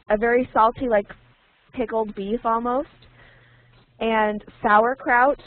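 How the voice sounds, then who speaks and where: Slow, repetitive woman teacher on a tinny call. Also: mid-range voice, no room sound. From United States. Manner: slow and deliberate, repeating words for learners. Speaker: English teacher. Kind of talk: online language lesson. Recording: tinny phone-like online call audio.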